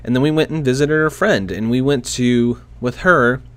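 A man's voice: mid-range voice, normal speed. A young man casually telling a personal story into a desk microphone, chatty and self-deprecating, laughing often. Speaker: vlogger.

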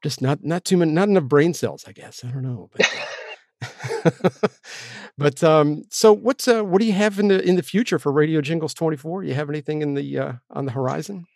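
A man's voice: a little high, normal speed, gravelly, darkish tone, no echo, clean studio sound. Chatty host man, rambling and friendly. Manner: chatty, rambling, self-deprecating. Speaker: podcast host. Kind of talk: casual interview chat.

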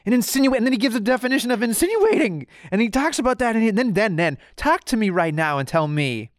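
A man's voice: very high voice, big pitch swings, fast talker, no echo, studio quality. A man co-hosting a wrestling podcast, ranting with exasperation and swearing in casual chat. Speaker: podcast co-host.

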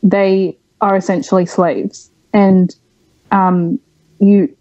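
A woman's voice: medium pitch, takes it slowly, no echo, lo-fi sound. Frank young woman telling her story. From Australia. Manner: frank, animated storytelling with many fillers. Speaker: podcast guest. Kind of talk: candid personal interview.

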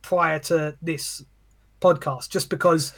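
Guy on a podcast, kinda husky, bit high, swears a ton, goes off on a rant. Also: takes it slowly. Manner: animated, sweary, ranting. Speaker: podcast co-host. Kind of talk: casual chat.

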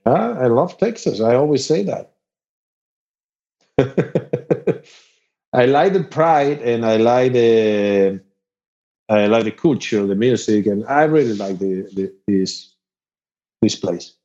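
A man's voice: medium pitch, expressive, mellow. Spanish-accented man on a lo-fi video call. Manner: halting, laughs often, searches for English words. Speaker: guest musician. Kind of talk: casual podcast chat. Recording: dull lo-fi video call audio.

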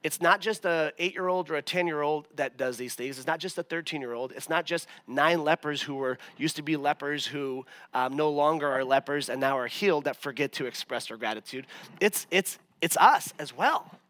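A man's voice: fairly high pitch, normal speed, fairly bright tone, dry recording. A man, a pastor, preaching a sermon in a conversational, self-mocking way. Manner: conversational, self-mocking, many fillers and restarts.

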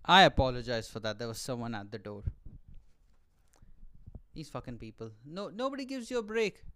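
A podcast host and aspiring stand-up comedian rants in a comic, profane, exaggerated way, often pausing for "all right?" asides to the listener. His mid-range voice is very animated and fairly bright, at a moderate pace.

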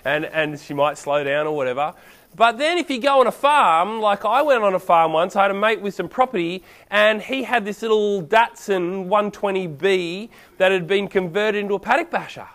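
A man delivering a sermon in a relaxed, story-driven way. His voice sits high for a man. He keeps it conversational and lively. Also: normal speed. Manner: casual, animated storytelling. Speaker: preacher.

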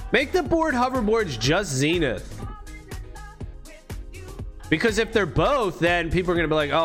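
A man's voice: on the high side, a bit bright. A man hosting his own channel, rambling loosely and profanely while he walks through items on screen. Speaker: crypto gaming channel host. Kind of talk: casual screen walkthrough commentary.

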